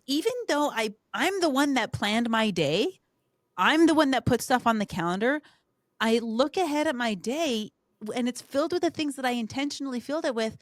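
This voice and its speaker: A woman hosting a podcast, telling personal stories in an animated, emotional way with frequent restarts. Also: on the high side, dry recording, clean studio sound. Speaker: podcast host. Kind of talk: casual conversational interview.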